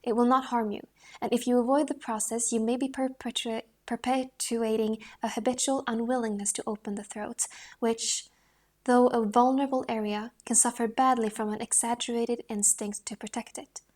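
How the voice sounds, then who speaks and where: Woman calmly reading voice exercises. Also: a little high. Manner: calm and measured, with occasional restarts. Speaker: narrator reading a voice-training book. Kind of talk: instructional reading aloud.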